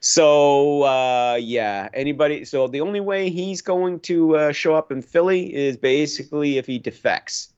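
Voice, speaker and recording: A man's voice: on the high side, unhurried, hardly any pauses, clear, resonant tone, muffled recording. A man co-hosting a hockey podcast, chatting casually and rambling through stories with lots of restarts. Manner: rambling, animated, many restarts. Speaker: podcast co-host. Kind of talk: casual chat.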